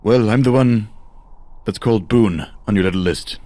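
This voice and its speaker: A man's voice: lowish voice, moderate pace, mellow, no echo, lightly acted. A man playing a weary, sardonic sellsword. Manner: dry, sardonic. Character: gruff weary male sellsword.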